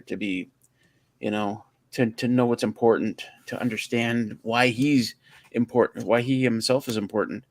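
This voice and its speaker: Gravelly man rambling in casual chat. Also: medium pitch. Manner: rambling, searching for words, animated. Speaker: livestream co-host.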